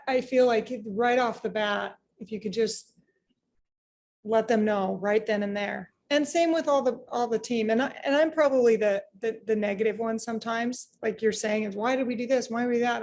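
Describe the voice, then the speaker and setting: A woman business owner chatting in an interview, animated, acting out what people said, with frequent restarts. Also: on the high side, moderate pace. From United States. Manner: animated, acts out quoted remarks, frequent restarts. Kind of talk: casual interview conversation.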